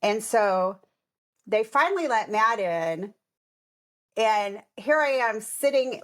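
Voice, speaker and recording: A woman's voice: medium pitch, slow, long pauses. A middle-aged woman co-hosting a podcast, telling personal stories in casual chat and acting out what others said. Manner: animated, acts out quoted voices, laughs often. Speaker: podcast co-host.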